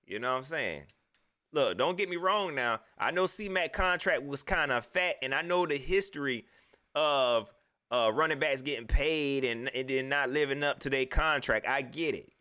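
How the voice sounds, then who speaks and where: A man from the States, giving an animated, preachy fan rant that repeats its points in slangy talk. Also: mid-range voice, moderate pace. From Southern United States. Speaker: sports vlogger, fan commentator. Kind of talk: ranting fan commentary.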